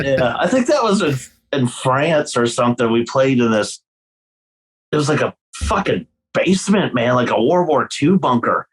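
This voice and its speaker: Animated man telling road stories. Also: mid-range voice, moderate pace, poor audio. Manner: animated storyteller, swears and laughs a lot. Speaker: guest guitarist. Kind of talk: casual podcast chat.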